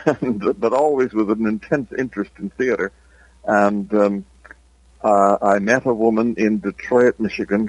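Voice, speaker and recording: Older Irish-accented male author, husky and low-voiced, dry close sound, reflective and unhurried. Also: no room sound, rough recording. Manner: reflective, unhurried, with hesitant pauses. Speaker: author guest. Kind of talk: interview storytelling.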